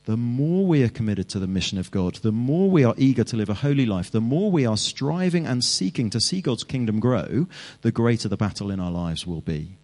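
A man's voice: medium pitch, animated, a little fast, a little mellow. A man preaching a sermon, earnest and emphatic, building his points with repeated phrases.

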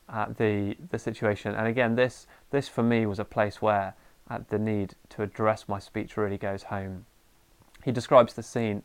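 Animated male preacher. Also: medium pitch, smooth. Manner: animated, acts out a ranting parent. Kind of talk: sermon.

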